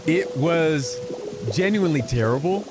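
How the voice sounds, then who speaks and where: A man streaming a game and telling a story in casual chat, animated and given to exaggerated repetition. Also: fairly high pitch, a little slow, noisy background. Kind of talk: casual storytelling while gaming.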